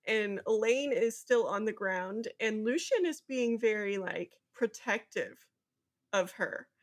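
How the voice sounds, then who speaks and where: Chatty woman recapping a book. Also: a little high. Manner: animated retelling, acts out character lines. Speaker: podcast co-host. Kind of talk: casual book recap chat.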